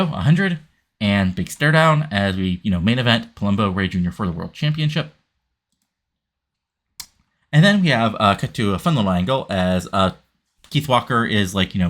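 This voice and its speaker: Guy rambling through a wrestling game recap, lots of likes, lowish voice. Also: a bit bright. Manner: rambling, many fillers. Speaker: game commentator. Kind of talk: casual let's-play narration.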